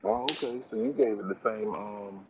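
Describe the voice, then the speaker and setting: A man's voice: on the low side, normal speed, crowd noise, rough recording. A man hosting a casual live chat from a comic book store, talking on his phone in a laid-back, rambling way and calling everyone "man". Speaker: live stream host, comic collector.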